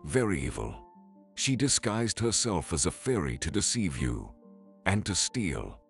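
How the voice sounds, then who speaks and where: A man voicing a worried young mother who speaks softly and pleads. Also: deep voice, big pitch swings, a little slow, vocal fry, heavily acted. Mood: anxious. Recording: faint music behind.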